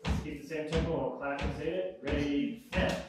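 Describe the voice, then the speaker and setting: A drummer leading a live music workshop, coaching a crowd through clapping patterns in an upbeat way. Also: male voice, on the high side, steady tone, normal speed. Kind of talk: live classroom demonstration. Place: large room with audience. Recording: echoey room, distant mic, audible noise.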